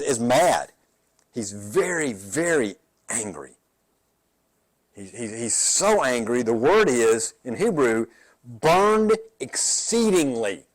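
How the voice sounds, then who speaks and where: A man pastor teaching a midweek Bible study in a conversational way. He often checks in with "right?" and repeats words as he goes. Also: a little high. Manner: conversational, asks the group questions like "right?".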